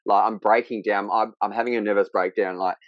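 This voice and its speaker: Man, halting and emotional. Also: lowish voice, fairly even intonation, dry recording, highs cut off. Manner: emotional, halting retelling with many restarts. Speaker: podcast guest. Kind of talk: candid conversation.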